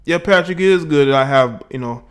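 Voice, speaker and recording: A man's voice: fairly high pitch, brisk. Slangy laid-back male livestream host. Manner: loose, slangy, chuckling. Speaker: livestream talk show host. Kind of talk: casual livestream chat, reading out viewer comments.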